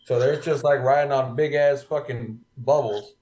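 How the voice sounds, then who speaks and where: A man's voice: mid-range voice, steady tone, moderate pace, a little mellow. Profane, storytelling man in casual chat.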